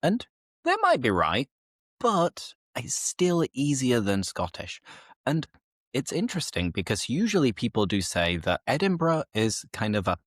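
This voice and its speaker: A young man hosting a slow, clear conversation for English learners, speaking in a measured, reflective, explanatory way. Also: medium pitch, huge pitch swings, a bit bright, no room sound, studio quality. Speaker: English teacher, host.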